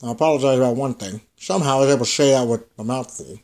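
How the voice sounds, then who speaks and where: A man's voice: medium pitch, racing, darkish tone. A young man hosting a gaming channel, chatting casually to viewers in a rambling way, with many fillers and some swearing.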